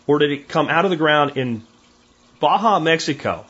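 A man's voice: fairly high pitch, moderate pace, slightly rough. A middle-aged man hosting a podcast, telling stories casually and acting out the voices of people he quotes. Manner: animated storyteller, acts out quoted voices. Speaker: podcast host. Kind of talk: casual monologue. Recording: dull lo-fi recording.

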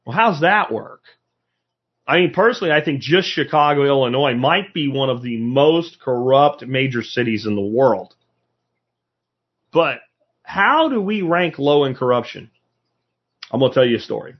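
A husky, slightly breathy American man talks to a live audience in a loose, opinionated way, leaning on emphasis and rhetorical questions. The recording sounds dull and lo-fi. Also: medium pitch, lively intonation, normal speed, pauses often. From United States. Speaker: speaker addressing a live audience. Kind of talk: casual opinionated lecture.

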